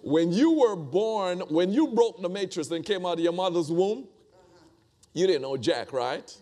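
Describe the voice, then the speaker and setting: A man's voice: high voice, animated, unhurried, warm tone. A man preaching a conversational sermon, repeating phrases and asking the congregation rhetorical questions.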